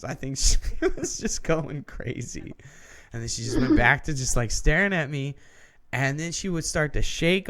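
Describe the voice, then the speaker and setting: A man's voice: medium pitch, fairly bright tone. A man co-hosting a podcast who tells a long story in a casual, rambling way, swearing often and restarting his sentences. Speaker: podcast co-host.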